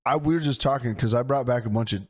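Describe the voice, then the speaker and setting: A man co-hosting a casual podcast, telling animated stories and swearing freely. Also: mid-range voice, fast. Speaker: podcast co-host. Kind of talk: casual chat.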